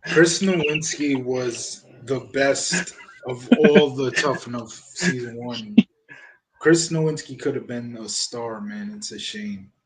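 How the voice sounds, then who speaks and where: A man's voice: mid-range voice, slow pace, noisy background. A man hosting a podcast, casually recapping events with a dry, wry manner. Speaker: podcast host reviewing wrestling. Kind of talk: casual chat.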